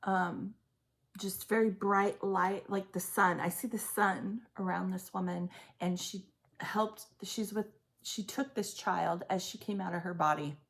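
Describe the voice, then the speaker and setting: A woman giving an intense psychic reading to camera, halting and trailing off as she speaks. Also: mid-range voice, steady tone, gravelly. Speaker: psychic reader. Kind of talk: intuitive reading on video.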